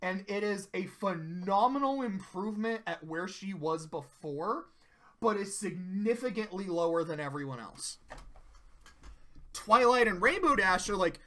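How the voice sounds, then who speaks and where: A man's voice: sits high, measured pace. A man casually recapping and reviewing cartoon episodes, swearing freely and acting out the characters' quotes. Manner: animated storyteller who swears and acts out quotes. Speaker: video reviewer.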